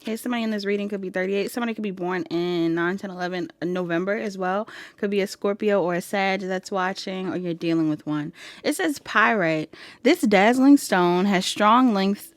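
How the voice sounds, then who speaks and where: A woman's voice: medium pitch, a little fast, dry recording. A woman doing a casual pick-a-card tarot reading to her viewers, chatty and giggly, calling them y'all. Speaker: tarot reader.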